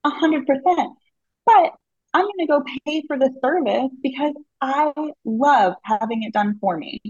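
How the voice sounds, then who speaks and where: Woman co-host, high voice, eager, dry dull lo-fi sound. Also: lively intonation, unhurried, no room sound. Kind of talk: casual podcast conversation.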